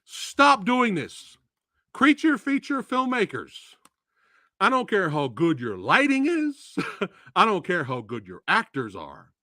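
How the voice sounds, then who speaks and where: Male stream host, movie reviewer, lively swinging pitch, profane exasperated rant. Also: slow, dry recording, clean studio sound. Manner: profane, animated, exasperated ranting. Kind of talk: ranting live stream review.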